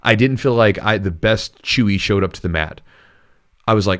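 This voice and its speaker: A man's voice: fairly low pitch, fast, fairly bright tone. A man hosting a jiu-jitsu podcast, talking in an earnest, rambling way with frequent restarts. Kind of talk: casual podcast chat.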